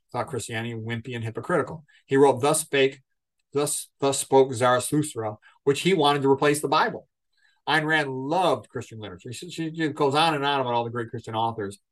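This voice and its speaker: A man hosts a podcast as a monologue lecture, talking in a loose, conversational way. He leans hard on certain words and keeps tossing in "okay?" and "you know". His voice sits at an ordinary male pitch. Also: poor audio. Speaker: podcast host and physician.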